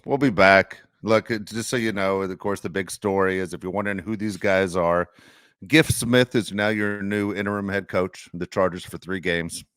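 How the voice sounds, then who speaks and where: A man's voice: sits low, steady tone, normal speed, fairly bright tone, smooth, dry recording, clean studio sound. A man hosting a sports podcast, emphatic and sarcastic. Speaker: podcast host. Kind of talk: casual podcast chat.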